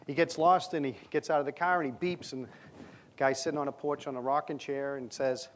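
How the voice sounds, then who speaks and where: On a brightly lit stage, a man gives a conference presentation in a conversational tone, full of fillers and lightly humorous. His voice is fairly high-pitched and his pace is quick.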